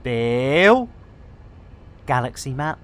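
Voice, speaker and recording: A woman streaming live, chatting casually in a bubbly, jokey way, with bursts of shouting and laughter. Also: extremely low pitch, very animated, very slow, clear, resonant tone.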